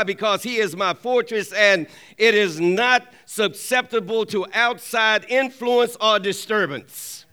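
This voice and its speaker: A man preaches with a high, ringing voice that stays smooth and clear. He works the congregation with call-and-response, pressing for an amen. He drives his points home by saying them twice. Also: bright, forceful tone. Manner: repeats key lines for emphasis. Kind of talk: sermon.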